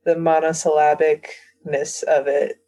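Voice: medium pitch, level tone, a little slow, mellow, low-quality recording. A participant in a poetry discussion, hesitant, with many restarts and casual fillers.

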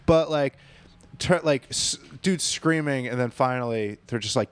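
A man's voice: mid-range voice, moderate pace, clean tone, no room sound. A man telling a story from his bar job in casual chat, swearing and acting out the people he quotes. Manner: animated, swearing, acts out quoted voices.

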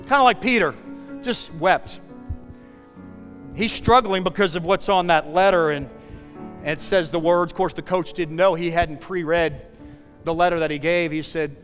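A man preaching a sermon, telling a story in an animated way and acting out the dialogue. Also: a little high, moderate pace, long pauses, big-room sound, faint music behind. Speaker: pastor.

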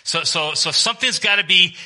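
A man preaching a sermon to his church congregation. He preaches with animation, asks the listeners questions, jokes with them, and swings between loud emphasis and hushed, low passages. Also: brisk. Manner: talks directly to the congregation with questions and humor. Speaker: pastor.

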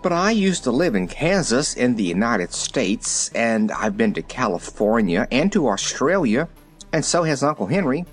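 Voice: medium pitch, sing-song, normal speed, soft background music. A reader voicing an earnest, plain-spoken little girl in a storybook reading.

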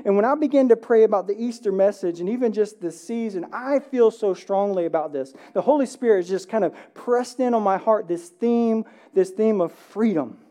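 A man in his thirties preaches an Easter sermon with a mellow, relaxed tone. He talks like he is telling a story to friends, tossing in "right?" to keep the church with him. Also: high-pitched, normal speed, hardly any pauses. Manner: conversational storytelling, frequent "right?" tags. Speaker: pastor. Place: church sanctuary.

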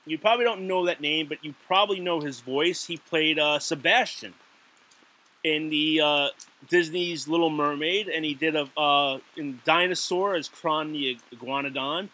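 A man's voice: a little high, normal speed, bright, forceful tone. A man co-hosting a casual podcast chat, rambling with lots of fillers and fits of giggles. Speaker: podcast co-host.

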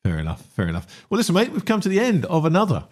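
A man co-hosting a casual sports podcast, talking in a dry, wry, unhurried way. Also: fairly high pitch, huge pitch swings, a little mellow. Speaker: podcast co-host.

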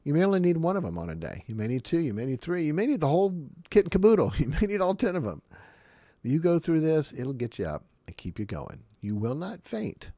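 A man preaching a sermon, emphatic and animated, often laughing between his points. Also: fairly high pitch, a little fast, no echo, studio quality. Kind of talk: sermon teaching.

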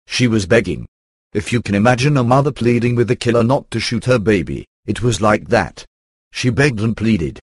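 A man reading a first-person book aloud in an even, computer-rendered narration. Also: fairly low pitch, normal speed, slightly rough, no echo. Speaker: audiobook narrator.

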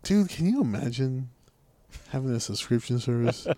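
A man's voice: medium pitch, lively intonation, normal speed, dark tone, no echo. Crude sarcastic young man ranting. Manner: crude, sarcastic, mocking, does silly impressions. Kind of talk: casual profane chat.

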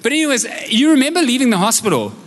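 South african guy preaching to a live church crowd, chatty and jokey, highish voice, big echoey hall. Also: very animated, racing, fairly bright tone. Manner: conversational, jokey, asks the audience questions. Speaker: pastor. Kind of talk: sermon with personal stories. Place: church auditorium, live service. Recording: long hall reverb from a live service.

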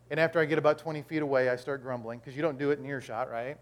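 A man's voice: medium pitch, fairly even intonation, fast talker. A middle-aged male pastor preaching a sermon, telling a homely story and acting out the voices in it.

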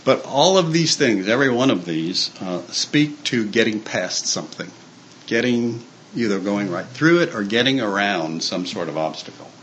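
Man, low voice, loose conversational preaching with fillers and restarts, light noise behind. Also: expressive, normal speed, fairly bright tone, low-quality recording. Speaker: church speaker. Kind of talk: informal sermon talk.

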